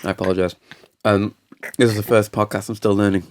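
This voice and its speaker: A man's voice: fairly low pitch, fast talker. Male host, easygoing couch-chat talker, rambles through stories with energy. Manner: rambling, animated storytelling with laughs. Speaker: podcast host. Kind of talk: casual chat. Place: studio couch.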